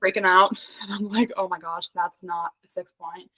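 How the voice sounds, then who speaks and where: A young woman from Pennsylvania, a podcast guest, telling an animated story in casual chat, laughing often and saying "like" a lot. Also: fairly low pitch, normal speed, no echo, poor audio.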